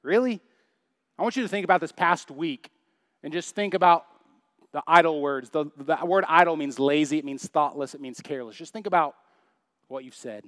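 A man's voice: fairly high pitch, normal speed, a bit bright, dry recording, clean studio sound. A young adult man preaching a sermon in church, chatty and joking, full of rhetorical questions. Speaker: pastor.

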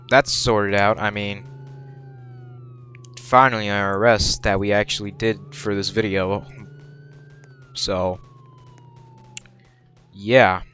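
A man's voice: fairly low pitch, fairly even intonation, takes it slowly, long pauses, bright, forceful tone, soft background music. A young man giving gameplay commentary while role-playing a police officer, barking orders and exclaiming in surprise. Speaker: gameplay video creator.

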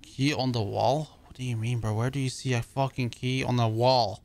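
A male streamer giving live gameplay commentary, loud and excitable with constant swearing. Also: mid-range voice, normal speed.

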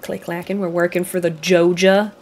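A woman giving casual let's-play commentary, giggly and excitable, peppering her talk with "like". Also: lowish voice, moderate pace. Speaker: gaming video host.

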